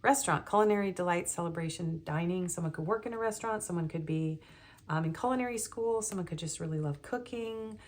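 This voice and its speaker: A woman's voice: fairly low pitch, quick pace. A woman giving a tarot reading, talking in a rambling, hesitant way with many ums, and sounding nervous. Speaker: tarot reader. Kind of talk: casual tarot reading monologue.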